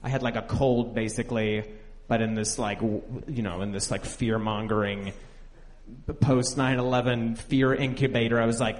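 A man's voice: mid-range voice, moderate pace. Candid rambling man in echoey hall. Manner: candid, rambling, full of "like" and acted-out quotes. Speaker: storyteller. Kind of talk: personal storytelling.

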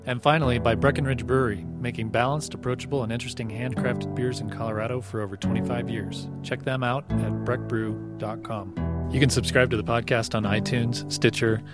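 A man hosting a podcast, reading the credits and sponsor messages in a brisk, upbeat way. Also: mid-range voice, steady tone. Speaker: podcast producer and host. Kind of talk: scripted credits and sponsor reads. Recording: loud music bed under the voice.

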